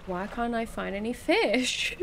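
A woman's voice: medium pitch, expressive, a little slow, slight background noise. A woman streaming a spooky fishing game, reacting nervously and talking herself through each scare. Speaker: gaming streamer. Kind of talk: let's play commentary.

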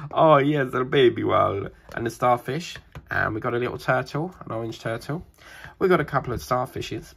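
A man with a British accent, chatting casually as he unboxes crafting kits for his channel, rambling and getting excited. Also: mid-range voice, moderate pace, gravelly, slightly rough. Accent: British English.

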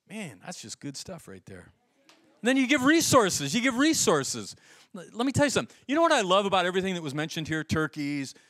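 Animated preaching man, dry close sound. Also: on the high side, dry recording. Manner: animated storytelling, acts out quoted voices. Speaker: pastor. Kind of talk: sermon.

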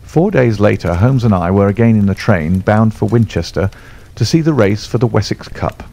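A man reading a classic story aloud as an audiobook narrator, in an expressive, measured manner. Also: on the low side, vocal fry. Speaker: audiobook reader.

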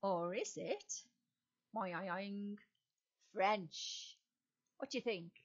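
An English woman leading a children's Sunday school lesson, quizzing and storytelling in a slow, sing-song way with exaggerated rises. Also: mid-range voice, big pitch swings, husky, highs cut off.

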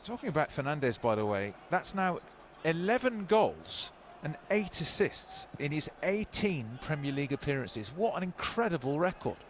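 A man giving live football commentary, bursting into excited shouts at goals. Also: a little high, moderate pace. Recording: broadcast commentary over loud crowd noise. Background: stadium crowd.

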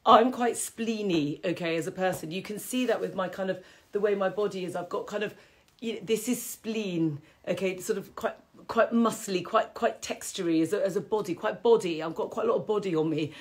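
A woman's voice: medium pitch, a little fast. Woman, middle-aged, qigong host, chatty and rambling, laughs a lot, casual live class. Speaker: qigong teacher and health host.

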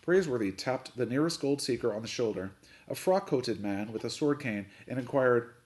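Lively man reading a storybook. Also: mid-range voice, normal speed, a little hiss or hum. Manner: expressive storytelling. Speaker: coach reading aloud. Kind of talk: reading a children's novel aloud.

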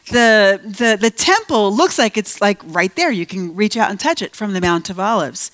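A woman giving a conversational Bible teaching at a live event, emphatic and animated, slowing down to stress her points. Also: medium pitch. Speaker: guest speaker at a faith event. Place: live event venue before an audience.

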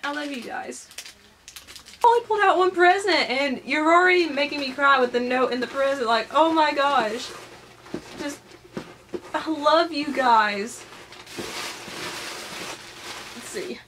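A woman vlogger opening gifts on camera, gushing and excited, often tearful and soft-spoken. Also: high-pitched, normal speed, a little hiss or hum. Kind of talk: casual unboxing vlog.

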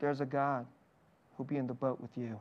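A man's voice: medium pitch, level tone, a little fast, lo-fi sound. A man in his thirties, a pastor, preaching a sermon and telling personal stories, often laughing lightly between lines. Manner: personal storytelling with frequent laughs.

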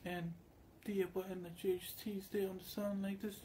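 Mellow-voiced man in a rambling monologue. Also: high-pitched, level tone, moderate pace, a little hiss or hum. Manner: loose, meandering storytelling with quoted voices.

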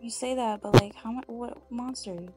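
A woman playing a video game with her sister, chatting casually. She is excitable, bursting into loud outbursts and repeating catchphrases. Faint game music plays underneath her voice. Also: on the high side, moderate pace, rough recording. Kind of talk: casual gameplay chat.

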